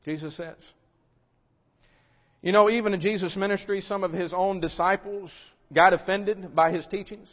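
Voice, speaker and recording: A man preaching a sermon in a fairly high voice, pushing his points with loud rhetorical questions before sinking low and quiet. His voice carries a long reverb from the sanctuary. The recording sounds dull and muffled. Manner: emphatic, rising to loud rhetorical questions then dropping low. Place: church sanctuary.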